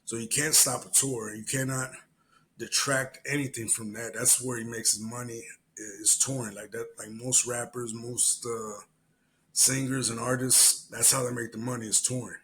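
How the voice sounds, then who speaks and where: A man hosting a solo podcast, telling animated, profane stories and giving his opinions. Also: mid-range voice, moderate pace, rough recording. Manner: profane, animated storyteller who acts out other people's lines. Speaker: podcast host. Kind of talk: solo podcast commentary and storytelling.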